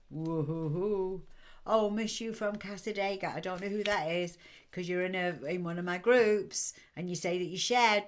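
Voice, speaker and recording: British female host, low-pitched, assertive and chatty, live-stream psychic readings. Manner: assertive, chatty, addresses viewers by name.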